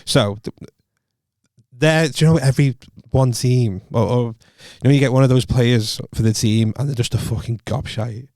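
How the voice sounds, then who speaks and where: A man's voice: mid-range voice, moderate pace, no room sound. A man co-hosting a podcast, telling a story in casual chat, swearing freely, laughing often and acting out what people said. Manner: animated storytelling, swears a lot, laughs often, acts out quoted voices. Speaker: podcast co-host.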